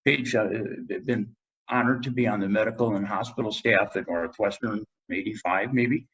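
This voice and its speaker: Middle-aged guy, husky and kinda low, tells his story animated, muffled lo-fi sound. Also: moderate pace. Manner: animated storyteller, acts out quotes. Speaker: guest dentist. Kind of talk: storytelling in a podcast interview.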